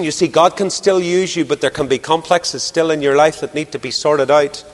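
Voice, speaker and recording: A man preaching a sermon, animated, pressing rhetorical questions and swinging between loud and quiet. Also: on the high side, normal speed, few pauses, in a large hall.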